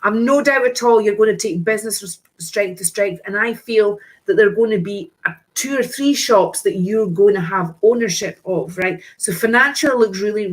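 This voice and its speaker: A woman hosting a live stream, reading tarot cards for viewers in a chatty, breezy way with endearments and exclamations. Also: medium pitch.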